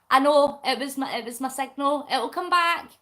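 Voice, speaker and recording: A woman's voice: high-pitched, moderate pace, pushed and bright. Giggly Scottish woman chatting with viewers. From Scotland. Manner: chatty and giggly, explains playfully. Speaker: vlogger reading viewer comments. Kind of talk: casual chat with viewers.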